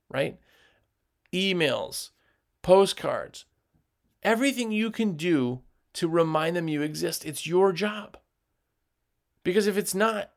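A man's voice: on the high side, vocal fry. A man who runs a window cleaning business, giving direct, emphatic advice to other business owners and acting out what customers say. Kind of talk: motivational business talk.

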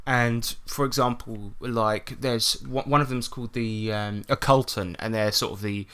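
A man's voice: mid-range voice, fairly even intonation, moderate pace, a bit bright, clear, resonant tone. A man chatting casually as a podcast co-host and game master, telling stories with laughs and the odd swear word. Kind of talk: casual chat.

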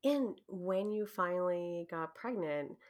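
A woman's voice: lowish voice, animated, slow. A woman interviewer asking curious, short questions in a casual conversation. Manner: curious, brief questions and reactions.

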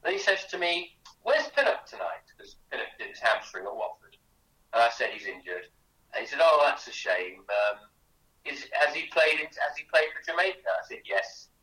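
A man's voice: medium pitch, lively intonation, a little fast, bright, forceful tone, roomy sound, recorded from a distance, rough recording. A man, a guest author on a radio interview, telling chatty anecdotes with many restarts. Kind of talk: animated storytelling in a radio interview.

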